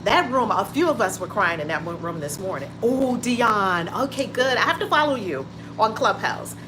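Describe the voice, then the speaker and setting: A woman's voice: medium pitch, expressive, normal speed, music in the background. A woman hosting a casual livestream from home, greeting viewers by name with lots of exclamations. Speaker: livestream host. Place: home room with window open. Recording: noisy home livestream audio.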